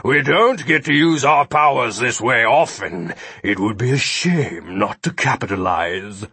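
A man doing a muffled tentacle-faced gentleman. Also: mid-range voice, husky, dry recording, heavily acted. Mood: plotting. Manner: muffled, slow, refined. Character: tentacle-faced male monster gentleman, genteel.

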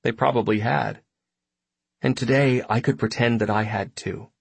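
Husky guy reading a story in first person, dry close mic. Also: medium pitch, steady tone, normal speed, no room sound. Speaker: audiobook narrator. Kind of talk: first-person audiobook narration.

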